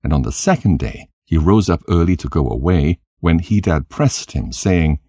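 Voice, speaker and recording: Deep husky male storyteller. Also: expressive, normal speed, few pauses, dark tone, dry recording, clean studio sound. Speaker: narrator. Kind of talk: scripted narration of an old tale.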